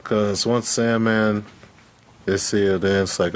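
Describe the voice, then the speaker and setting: A man's voice: on the low side, steady tone, slow pace. A man co-hosting a casual wrestling review podcast, crude and hesitant, often restarting his words. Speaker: podcast co-host.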